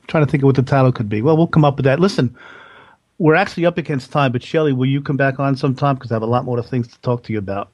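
A male podcast host chats with his guest and praises him. He speaks in a plain, mid-pitched voice. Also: very fast, a little mellow. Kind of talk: podcast interview.

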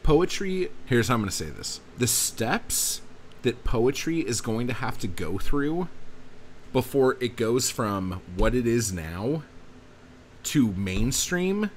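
Male podcast host, casual rant, profane, emphatic, lively pitch, faint background hiss. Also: measured pace. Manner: profane, emphatic, self-mocking. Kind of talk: casual ranting commentary.

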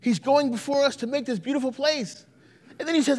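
A man's voice: extremely high pitch, normal speed, gravelly, in a large hall. A male pastor preaching a sermon in a church, telling stories with many restarts and repeated words. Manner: animated storytelling with repeated restarts. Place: church sanctuary.

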